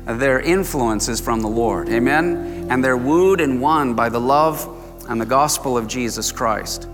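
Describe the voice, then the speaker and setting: A man's voice: mid-range voice, over loud music. Emphatic preacher man in an echoing hall. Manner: emphatic, slows down to stress key words, chuckles often. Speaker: pastor. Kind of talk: sermon. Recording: long church reverb.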